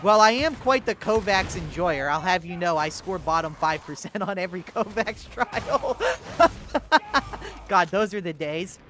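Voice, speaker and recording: A man streams a game and chats with his viewers in a laid-back, profane, sarcastic manner. His voice sits high and is a bit bright, animated yet unhurried, with a little hiss or hum in the recording.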